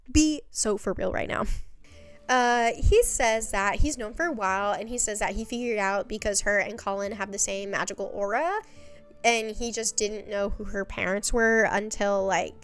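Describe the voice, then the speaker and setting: A woman's voice: medium pitch, normal speed, fairly bright tone, clean tone, faint music behind. A young woman giving a casual, chatty recap of a web series, full of sassy, exasperated asides.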